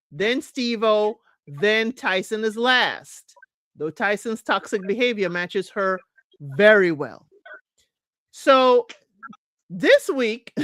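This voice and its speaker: Woman, casual reality TV recap, animated, higher-pitched voice, dry close recording. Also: no room sound. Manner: chatty, animated, addresses viewers as y'all.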